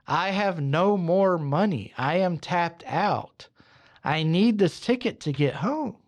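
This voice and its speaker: A man's voice: sits high, expressive, takes it slowly. A man voicing a confused, nervous believer who pleads with hesitant, stammering restarts. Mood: pleading. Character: confused, nervous, faithful man gambling on a prayer.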